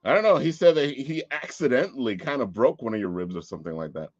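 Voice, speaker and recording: A playful man hosts a casual talk show, often stumbling over his words and laughing. His voice rises and falls with lively energy. The audio is dry and somewhat dull, like a lo-fi recording. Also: medium pitch, quick pace, dry recording. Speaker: host. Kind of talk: casual chat.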